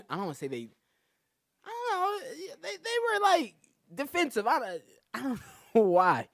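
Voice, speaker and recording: Guesting on a podcast, a male comedian tells a story in casual conversation, acting out other people's lines and laughing often in an animated way. His voice is very high with vocal fry, delivered at normal speed in clean studio sound with no echo.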